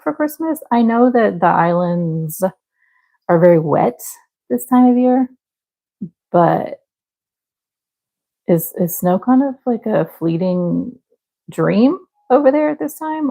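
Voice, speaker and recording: A woman's voice: medium pitch, animated, slow, vocal fry, long pauses, dark tone, poor audio. A woman from the American Midwest hosting a crochet livestream, chatting casually and apologetically with viewers, rambling with fillers and little laughs as she works. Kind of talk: casual chat with live viewers while crocheting.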